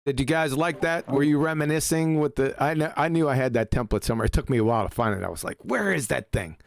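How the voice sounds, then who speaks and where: Chill guy hosting a podcast, mid-pitch voice, dry close sound, laughs a lot. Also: fast, vocal fry, no echo. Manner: laid-back, laughs often. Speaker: podcast host. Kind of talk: casual chat.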